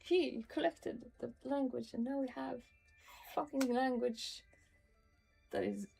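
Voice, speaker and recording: A woman's voice: sits high, slow, creaky, warm tone, husky, soft background music, rough recording. A woman with a Northern Norwegian accent, rambling chattily and swearing as she streams a game. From Norway. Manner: rambling, chatty and profane, mutters asides. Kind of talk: casual gaming commentary.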